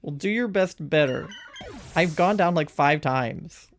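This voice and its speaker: A woman's voice: low-pitched, lively intonation, unhurried, faint music behind. A woman streaming a game from home and chatting casually with a playful, teasing manner. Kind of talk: casual gaming stream chat.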